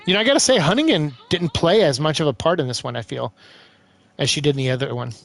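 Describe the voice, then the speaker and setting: A man giving casual let's-play commentary, exclaiming loudly as he plays. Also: on the high side, quick pace, creaky, soft background music. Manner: excitable, loud bursts of exclaiming while playing. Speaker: gaming streamer.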